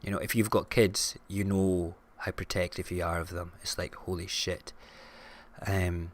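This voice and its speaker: A man's voice: low-pitched, level tone, unhurried, slight background noise. A Scottish man hosting a live-streamed morning show, chatting and ranting frankly with plenty of swearing. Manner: frank and ranty, swears freely. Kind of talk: casual live-stream chat and rant.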